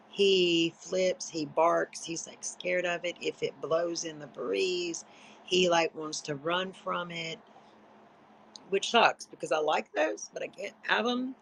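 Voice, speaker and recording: Tired, chatty woman with a gravelly edge, loose profane late-night stream talk. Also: on the low side, a bit bright, rough recording. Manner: chatty, rambling, salty and profane. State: sleepy, yawning. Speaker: livestreamer. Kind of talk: casual late-night livestream chat.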